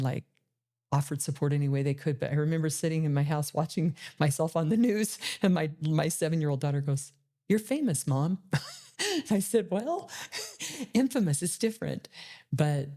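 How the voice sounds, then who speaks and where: A woman in her forties, a motivational speaker, telling her own life story candidly and emotionally, slowing down on painful memories. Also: deep voice, mellow. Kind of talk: personal storytelling talk.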